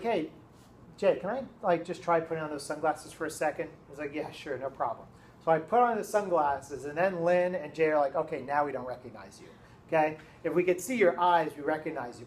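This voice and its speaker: A man, a teacher, telling a story to his students in a classroom, casual and animated, often checking in with "okay?". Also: on the high side, a little hiss or hum.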